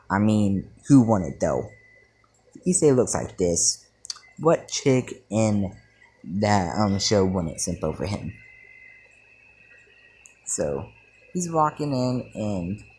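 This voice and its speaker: A man's voice: mid-range voice, a little mellow, slightly rough. A young man casually telling a fan story, rambling with fillers and slang.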